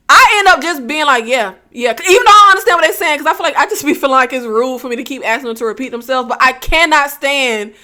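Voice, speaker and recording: A woman with a high, bright voice reviews a TV episode in a loose, chatty way. She is from the Southern United States, drops slang like "y'all" and "child" into her talk, and laughs easily as she goes. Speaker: TV review channel host. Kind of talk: casual chat review.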